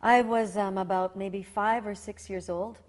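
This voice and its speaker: A woman in her fifties from rural Saskatchewan, a talk show guest telling a personal testimony in animated storytelling with many restarts. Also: medium pitch, unhurried. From rural Saskatchewan, Canada.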